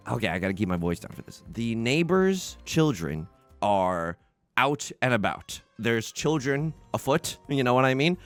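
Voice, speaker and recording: Male let's-play host, fairly high, gravelly edge, chatty and self-mocking, arguing with himself while gaming. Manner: animated, self-deprecating, talks back to himself. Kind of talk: casual gaming commentary. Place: home bedroom.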